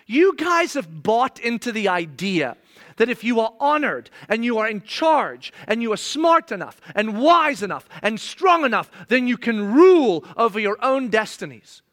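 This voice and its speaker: A middle-aged man preaching a sermon, animated, slipping into sarcastic mock voices as he reads. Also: high voice, moderate pace. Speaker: pastor.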